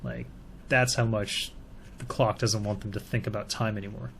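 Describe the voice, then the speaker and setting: A man's voice: fairly low pitch, steady tone, moderate pace, creaky, fairly bright tone, slight background noise. A man giving casual, tentative commentary while analysing a video. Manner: musing, tentative.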